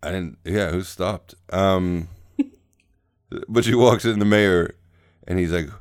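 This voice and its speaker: A man's voice: low-pitched, takes it slowly, clear, resonant tone. A man co-hosting a podcast over a video call, rambling and teasing in casual chat. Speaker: podcast co-host.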